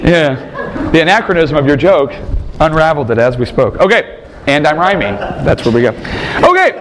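Guy lecturing a class, bit high pitched, asks lots of questions, some faint hiss behind. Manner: lively, quizzing students, joking asides. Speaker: Bible teacher.

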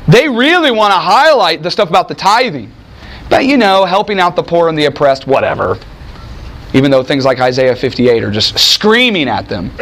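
A man preaching a sermon in an animated, conversational way, with sudden swings in how he delivers lines. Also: sits high. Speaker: pastor.

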